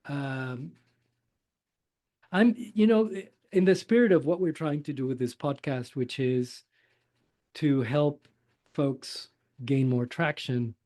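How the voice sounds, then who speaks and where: A man co-hosting a podcast who talks casually and asks thoughtful, measured questions. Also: mid-range voice, mellow. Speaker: podcast co-host. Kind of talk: casual conversation.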